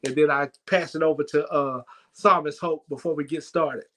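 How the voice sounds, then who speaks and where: High-voiced man hosting a comedic church stream. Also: normal speed, rough recording. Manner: lively storytelling with stammered restarts. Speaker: church livestream host. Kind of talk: comedic church livestream set. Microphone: livestream microphone.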